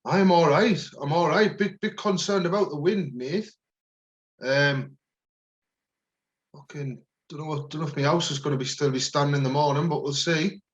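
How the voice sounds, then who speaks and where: A man co-hosts a podcast in laid-back chat, his voice a little higher than average. He swears casually now and then. The sound is dull and lo-fi. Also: moderate pace. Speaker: podcast co-host.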